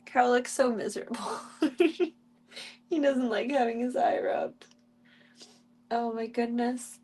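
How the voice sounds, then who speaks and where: A woman streaming casually, chatting to viewers and cooing baby talk to tiny animals in a soft, playful way. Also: on the high side, slow, long pauses. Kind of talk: casual live-stream chat.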